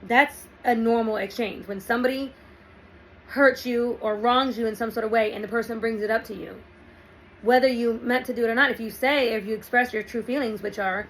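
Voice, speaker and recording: A woman's voice: a little high, fairly even intonation, a little fast, slight background noise, poor audio. A woman talking through relationship advice in a casual monologue, often checking in with "right?" and "okay".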